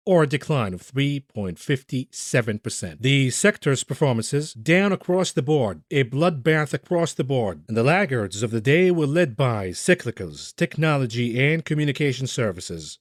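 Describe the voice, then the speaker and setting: A man delivers a solo market recap in a blunt, combative and emphatic way. His voice sits at an ordinary pitch for a man and sounds close and dry, with no room echo around it. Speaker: market commentary host.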